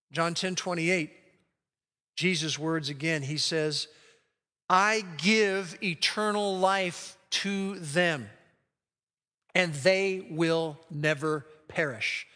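High, bright-voiced preaching man. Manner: emphatic, slows down to read scripture. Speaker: pastor. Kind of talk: sermon. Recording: long hall reverb.

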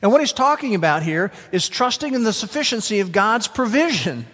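A man preaching a sermon as pastor, emphatic, slowing down to stress key words. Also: sits high, very animated, fairly bright tone. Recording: long hall reverb.

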